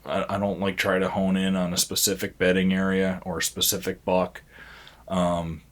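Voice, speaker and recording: A man's voice: deep voice, completely flat delivery, moderate pace. A man hosting a podcast, talking in an easygoing, rambling way with many fillers. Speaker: podcast host. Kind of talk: casual chat.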